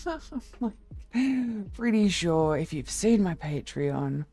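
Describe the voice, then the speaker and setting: Low-voiced woman streamer, blunt and candid. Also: sing-song, dark tone, no echo. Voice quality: lower-toned voice. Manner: candid, blunt, quick to laugh. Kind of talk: casual live-stream chat.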